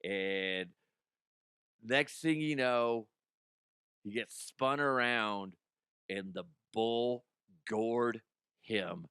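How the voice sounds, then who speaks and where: A man's voice: lowish voice, drawn-out words, long pauses, a bit bright, clean tone, no room sound, studio quality. A young adult man hosting a comedy news podcast, ranting casually with swearing, laughter and mocking put-on voices.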